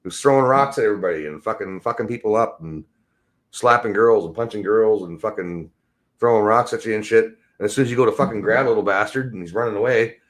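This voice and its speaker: Male podcast host, profane rambling solo rant, agitated and exasperated. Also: fast. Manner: swings between low mutters and high exasperation.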